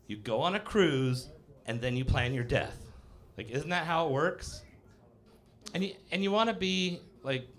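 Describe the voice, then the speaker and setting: A man's voice: medium pitch, fairly bright tone. A man in his fifties performs stand-up on a cafe stage. He rambles through fillers in a self-mocking tone. He slips into acted-out voices now and then. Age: 50s. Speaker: stand-up comedian. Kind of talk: live stand-up set. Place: live comedy cafe stage.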